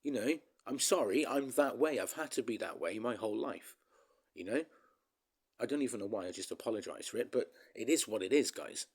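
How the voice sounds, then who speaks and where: A man's voice: medium pitch, animated, fairly quick, husky. A man ranting casually to his viewers in a vlog, rambling and emphatic, often calling them guys. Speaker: vlogger.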